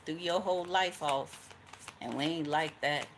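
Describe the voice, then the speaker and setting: A woman with a notably low voice gives a casual tarot reading, a little slowly, over a faint hiss. She swears freely, weaves the cards into stories, mimics the people she describes and laughs often.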